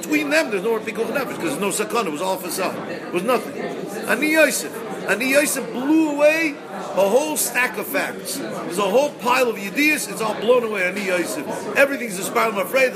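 A man giving a Torah lecture, swinging from excited bursts to hushed, emotional passages. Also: high voice. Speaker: rabbi teaching a Torah class.

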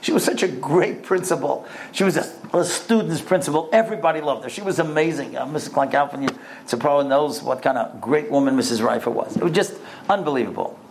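Man, storytelling sermon, animated, fairly high voice. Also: a little fast, vocal fry, slight background noise. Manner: animated storyteller, rising high on quoted verses. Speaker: speaker giving a Torah talk.

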